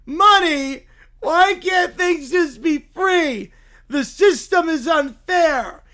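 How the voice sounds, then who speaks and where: A man doing a whiny, shouty little bear cub. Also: very high-pitched, voice pushed up, exaggerated voice. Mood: whiny complaining. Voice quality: whiny, complaining. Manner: drawn-out, loud, near-shouted protests. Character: whiny grumpy little bear cub who hates work.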